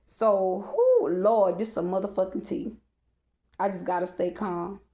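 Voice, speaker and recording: A woman talks through a personal story in a loose, rambling way. She fills pauses with "um," turns to address her listeners, and curses without holding back. Her voice sits at an ordinary pitch for a woman. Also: flat delivery, mellow. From Texas. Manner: rambling, many fillers, addresses the audience directly, profane. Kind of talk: casual storytime monologue.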